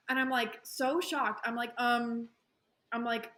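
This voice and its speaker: A woman with a Southern American accent, animated and chatty as she tells a travel story on a podcast. She slips into the voices of the people she quotes and keeps the tale moving. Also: on the high side, normal speed. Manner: animated, acts out quoted dialogue. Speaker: podcast co-host. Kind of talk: casual storytelling chat.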